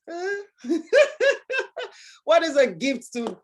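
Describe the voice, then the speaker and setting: Woman, bubbly workshop host, fairly high voice, lots of laughter, video call sound. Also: very animated, slow pace, pauses often, a little mellow. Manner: bubbly, laughs a lot, exclamations. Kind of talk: online workshop hosting.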